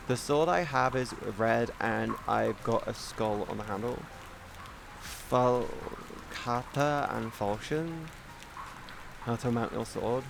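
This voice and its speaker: A man chatting casually on a live stream, rambling and excitable, swearing often and restarting sentences. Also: mid-range voice, takes it slowly, vocal fry, noisy background.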